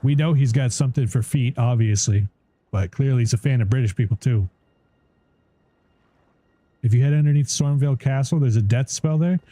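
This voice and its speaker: A man's voice: mid-range voice, normal speed, pauses often, dark tone. A man streaming a game live, chatting casually in a rambling way, swearing and laughing often. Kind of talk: casual live gameplay chat.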